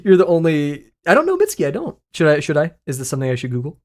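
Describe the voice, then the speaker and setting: A streamer chatting casually and excitedly with viewers, laughing often and swearing freely while reacting to chat. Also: mid-range voice, fast.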